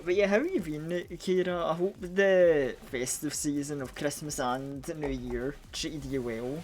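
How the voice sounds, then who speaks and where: A man streaming a game, chatting casually and rambling with lots of restarts while groggy from a cold. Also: a little high. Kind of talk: casual live gaming stream chat.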